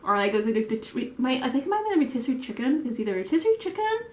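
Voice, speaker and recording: Racing along in a high, sing-song voice, a vlogger who works in a bakery store tells meandering work stories as she does her makeup. Her get-ready-with-me chat is crowded with fillers and restarts, and the recording is reverberant.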